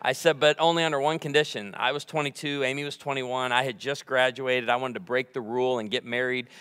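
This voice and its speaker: Speaking in a mid-range voice with fairly even intonation, a guest preacher in his forties moves at a fairly quick pace through a joking sermon, trading playful remarks with the congregation. His tone is a bit bright, clear, and resonant in the big sanctuary.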